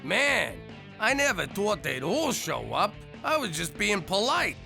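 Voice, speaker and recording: High, gravelly, excitable New York mobster in an adult cartoon. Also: male voice, measured pace, faint music behind, exaggerated voice. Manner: whiny, excitable, self-pitying. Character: bumbling middle-aged male mobster in hiding.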